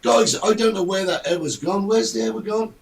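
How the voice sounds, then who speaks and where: A man's voice: high-pitched, brisk, vocal fry, far from the mic, a little hiss or hum. A man co-hosting a casual talk show, easygoing and agreeable. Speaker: co-host. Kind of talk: casual chat.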